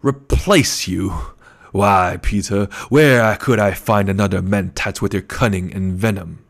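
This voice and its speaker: A man voicing a gluttonous, scheming older male baron who speaks slowly and condescendingly. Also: sits low, creaky, exaggerated voice. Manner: slow, menacing and condescending.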